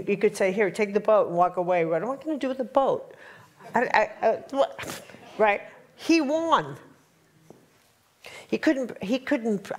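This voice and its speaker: A woman teaching a spiritual workshop to a live audience, telling stories in an animated way and checking in with her listeners. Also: medium pitch. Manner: animated, storytelling, addresses audience with rhetorical checks.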